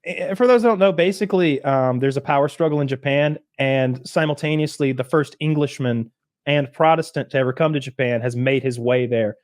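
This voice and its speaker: A man co-hosting a podcast, chatting casually and profanely, acting out scenes in quick put-on voices. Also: medium pitch, no echo, clean studio sound. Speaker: podcast co-host. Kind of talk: casual chat.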